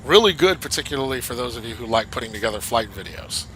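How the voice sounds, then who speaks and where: A man's voice: mid-range voice, expressive, fast, a bit bright, slight background noise, poor audio. A man reviewing a flight simulator add-on in casual commentary, chatty and enthusiastic with rambling asides.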